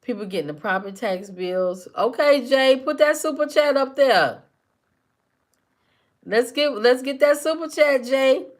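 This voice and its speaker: Woman, live-stream host, casual chat, teasing banter with viewers, slightly high voice. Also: lively intonation, a little slow. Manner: talks back to chat commenters by name, teasing and repetitive.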